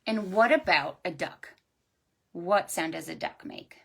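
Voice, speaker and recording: A young woman, a children's librarian, reading a picture book aloud to preschoolers in a slow, animated, sing-song way. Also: lowish voice, creaky, breathy edge.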